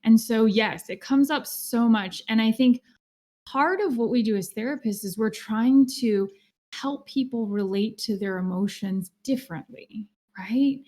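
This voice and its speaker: A woman who works as a therapist, chatting on a podcast in a soft-spoken, empathetic way. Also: on the high side, measured pace. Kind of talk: casual podcast chat.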